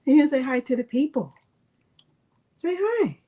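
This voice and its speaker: A high-pitched woman runs a casual crafting livestream. She talks in a chatty, playful way and greets her viewers one by one. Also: sing-song, a little slow, warm tone.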